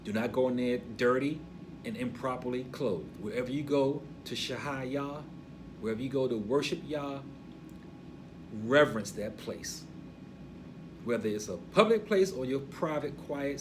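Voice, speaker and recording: An older man with a gray beard teaching a Torah portion, emphatic and preachy, dropping to a hush and then rising loud. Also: mid-range voice, normal speed, noisy background.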